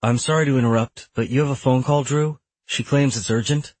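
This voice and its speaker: A man voicing a polite young woman working in an office, hesitant and careful in a husky voice. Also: medium pitch, steady tone, a little fast, darkish tone, no echo, voice pushed up, lightly acted.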